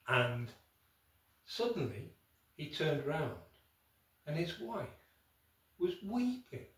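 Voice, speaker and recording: A man telling a folk tale aloud, unhurried, with dramatic pauses and asides to the listener. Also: medium pitch. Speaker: storyteller. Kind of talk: oral folk tale storytelling. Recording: echoey room, from far off.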